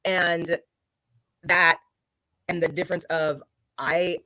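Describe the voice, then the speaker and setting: A woman hosting a casual chat about improv, conversational and putting on much higher voices for quotes. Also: fairly even intonation, slow pace, bright, forceful tone, no room sound, low-quality recording. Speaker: podcast host.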